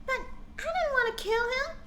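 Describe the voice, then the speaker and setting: A woman's voice: very high-pitched, normal speed, sharp tone, voice pushed up. A woman voicing an angsty goth teenage girl who curses and whines through tears, read from a fan story on a live stream. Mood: whiny. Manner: melodramatic, cursing, near tears. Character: shrieking angsty teen goth girl narrator.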